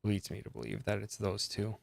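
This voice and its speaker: A man's voice: on the low side, little pitch movement, a little fast, creaky, dry recording. A man streaming a game, musing aloud as he works through its puzzles in casual commentary.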